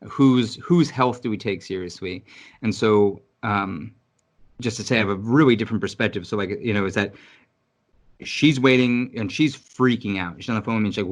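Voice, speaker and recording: A man's voice: on the low side, a little fast. A man from New York City in casual podcast chat, talking bluntly and emphatically with lots of swearing and restarts. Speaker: podcast co-host.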